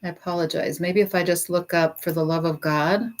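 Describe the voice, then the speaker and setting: A middle-aged woman on a casual livestream, gently and sympathetically chatting with viewers while thinking aloud through many pauses. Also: lowish voice, steady tone. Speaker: livestreamer taking song requests. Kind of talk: casual live-stream chat.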